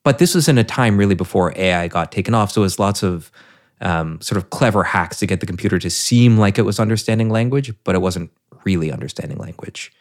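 Deep-voiced man telling a story. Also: lively intonation, fast. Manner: thoughtful, explains with examples. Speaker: guest. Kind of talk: conversational storytelling.

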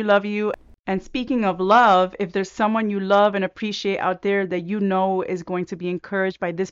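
A woman hosting a Christian podcast, talking in a gushing, effusive way and often restarting her sentences. Her mid-pitched voice is smooth and clean. The audio is a little dull and lo-fi. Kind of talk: casual solo podcast chat.

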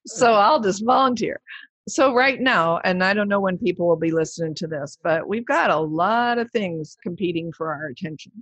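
A woman hosting an interview, chatting in an enthusiastic, lively way. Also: on the low side, moderate pace, dry recording. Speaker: podcast host. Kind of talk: conversational interview. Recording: dry, dull lo-fi sound.

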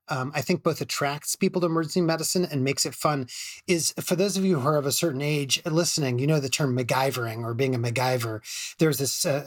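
A man's voice: fairly high pitch, no echo, clean studio sound. A middle-aged man, an emergency physician, telling a story casually with many restarts and laughs.

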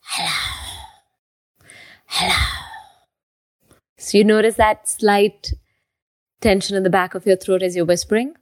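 A woman teaching breathwork, guiding a breathing exercise with calm, slow instructions and counted breaths. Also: mid-range voice, dry recording.

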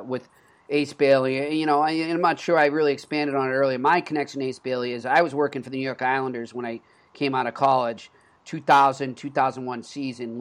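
A man in his thirties with a Boston accent, hosting a sports podcast in casual chat and rambling with frequent restarts. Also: mid-range voice. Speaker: podcast host.

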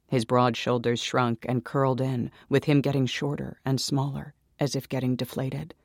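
A man's voice: mid-range voice, creaky, no echo, studio quality. A man reading a first-person story aloud in a dramatic, intense way, sometimes dropping to a whisper. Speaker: narrator. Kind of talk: first-person audiobook narration.

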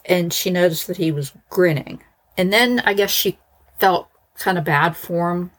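A woman's voice: fairly low pitch, measured pace. A woman casually recounting a true crime case as a podcast host, chatty and conversational. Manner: conversational, lots of "like" and "so he goes". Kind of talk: casual storytelling narration.

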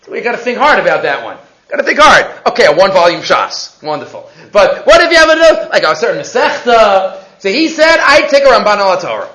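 A man teaching a Torah portion class, animated and full of rhetorical questions, mixing Hebrew terms into his English. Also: sits high, fairly quick, low-quality recording.

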